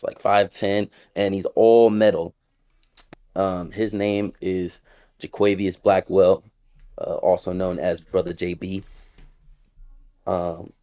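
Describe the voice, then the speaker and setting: A man playing a tabletop game who describes his character casually and haltingly, with many fillers. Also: low-pitched, darkish tone, clear, resonant tone. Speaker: player.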